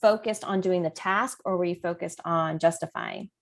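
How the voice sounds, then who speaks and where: A woman's voice: lowish voice, moderate pace, gravelly. A woman, a parent coach, leading a coaching discussion with questions and role-play over a video call.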